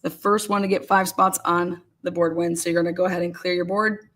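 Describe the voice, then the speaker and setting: A woman's voice: fairly low pitch, level tone, fairly quick, fairly bright tone. Chatty woman hosting a bingo livestream. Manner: chatty, laughs often, reads viewer comments aloud. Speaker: livestream host. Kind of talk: casual livestream chat, calling bingo.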